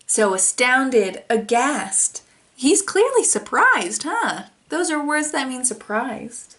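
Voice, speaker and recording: A young woman who teaches toddlers, reading a picture book aloud and gently explaining feeling words. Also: high-pitched, big pitch swings, slow.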